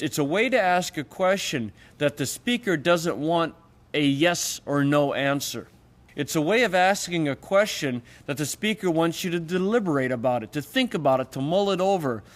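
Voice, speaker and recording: In a recorded classroom lecture, a man patiently explains Greek grammar. When he quotes example questions, he acts them out, raising his pitch to voice them.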